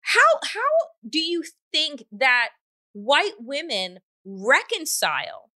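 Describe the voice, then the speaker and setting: A woman hosts an interview and winds up long, pointed questions with real passion. Her voice is bright and edged, and her pitch swings widely as she builds. The sound is close and dry, with no room in it. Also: dry recording. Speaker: podcast host.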